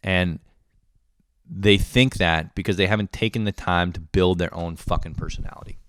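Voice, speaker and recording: Late-20s male podcast host, lowish voice, swears a lot, rambles in a casual monologue, dry close sound. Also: fairly even intonation, normal speed, fairly bright tone, dry recording. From Canada. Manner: profane, rambling, self-mocking.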